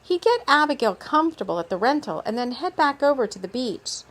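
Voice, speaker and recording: A woman reads a story aloud in a fairly high voice. She keeps it relaxed and unpolished, breaking off for little asides. The feel is a casual spoken storytelling session. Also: brisk. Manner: relaxed, with off-script asides and laughs.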